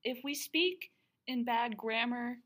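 A young woman co-hosting a podcast talks in a loose, rambling way. Her voice is bright and lively, and she laughs off her own slips of the tongue. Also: on the high side, takes it slowly. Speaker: podcast co-host. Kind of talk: casual chat.

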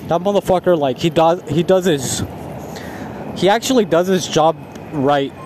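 Guy venting on a vlog, cussing a lot, kinda high voice, bit of street noise outside. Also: moderate pace. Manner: heavy swearing, frustrated storytelling. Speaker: vlogger. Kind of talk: casual ranting vlog.

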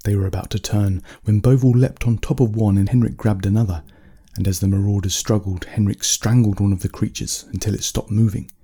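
A man reading a bedtime story aloud in a calm, measured, soft-spoken way. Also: fairly low pitch, breathy edge.

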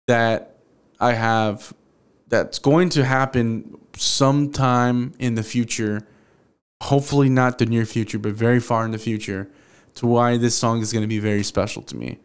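A man's voice: medium pitch, clear, resonant tone. A young man from Houston hosting a solo podcast, telling a personal story in a casual, profane, emotional way. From Houston, Texas. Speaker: podcast host.

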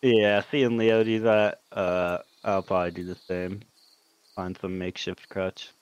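A man's voice: low voice, little pitch movement, a little slow, smooth, muffled recording. A man playing a tabletop game, answering briefly in a laid-back way. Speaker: player. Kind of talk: casual tabletop game play.

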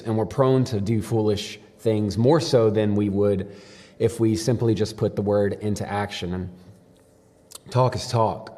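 A man's voice: lowish voice, darkish tone. A young man giving a devotional sermon as a pastor, talking casually and telling stories with many fillers. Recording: long hall reverb.

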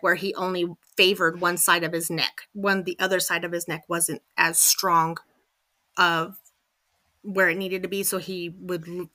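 A woman's voice: lowish voice, sharp tone. A woman guest on a podcast, chatting candidly and telling long, rambling stories. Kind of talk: casual interview chat.

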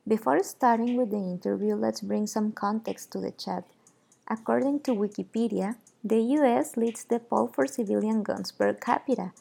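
Mexican-accented woman host, gravelly edge. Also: a little high, darkish tone. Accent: Mexican Spanish. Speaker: podcast host. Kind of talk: scripted podcast hosting.

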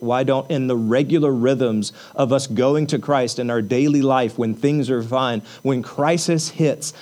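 A man's voice: on the high side, a little mellow. A man preaching a sermon in a conversational way, asking rhetorical questions and using casual fillers. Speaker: pastor.

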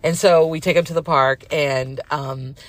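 A woman's voice: sits low, fairly even intonation, unhurried, no echo. A middle-aged woman telling a long personal story in a casual, frank, rambling way with many fillers.

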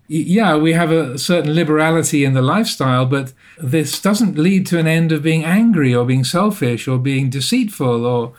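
Thoughtful man with a higher voice. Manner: thoughtful, self-deprecating, pauses to rephrase. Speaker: interview guest. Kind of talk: reflective storytelling.

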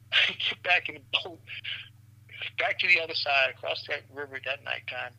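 A man, a physician guest, telling stories in an animated, profane way, laughing often and calling the listener "man" and "brother". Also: fairly high pitch, normal speed, vocal fry, no echo, poor audio. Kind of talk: animated storytelling in a podcast interview.

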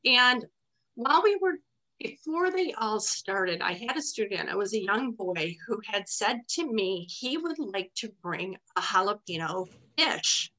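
A woman's voice: mid-range voice, a little slow. A middle-aged woman, a teacher, telling a story casually and animatedly, acting out what she said. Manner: animated, acts out her own past words.

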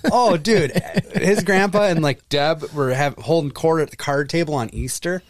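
A man's voice: a little high, moderate pace, no echo, clean studio sound. A man in his thirties telling stories on a casual podcast, swearing freely and acting out the people he talks about. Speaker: podcast co-host. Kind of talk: casual chat.

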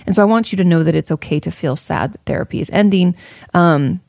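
A woman's voice: on the low side, quick pace, vocal fry, darkish tone, no echo, clean studio sound. A woman therapist giving casual, frank advice to viewers, thinking aloud with plenty of fillers and the odd swear word. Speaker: therapist answering viewer questions.

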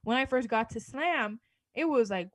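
A woman's voice: on the high side, lively intonation, normal speed, no room sound, low-quality recording. A young woman, a former student radio host, talks earnestly and encouragingly on air. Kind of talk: heartfelt casual chat on radio.

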